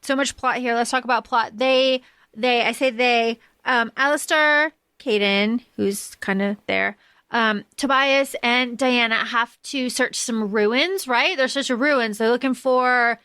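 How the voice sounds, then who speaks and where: A woman's voice: fairly high pitch, unhurried, sharp tone, smooth, dry recording. A woman co-hosting a book podcast, chatting casually with lots of fillers and the odd swear. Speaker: podcast co-host.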